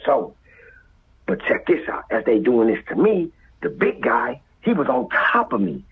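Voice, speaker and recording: A man with a Los Angeles accent tells a story with a very raspy, breathy voice. His pitch swings widely as he acts out voices and sound effects and drops into whispers, and the sound is thin and tinny like a phone line. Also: very animated, measured pace. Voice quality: very husky. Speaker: guest storyteller. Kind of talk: animated street storytelling.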